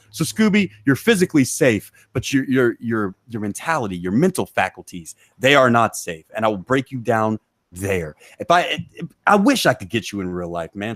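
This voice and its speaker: A man hosting a stream from a back room of his house, ranting loudly and mockingly with heavy profanity. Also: medium pitch, no echo. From Texas. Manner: loud, mocking, rapid rant. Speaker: stream host.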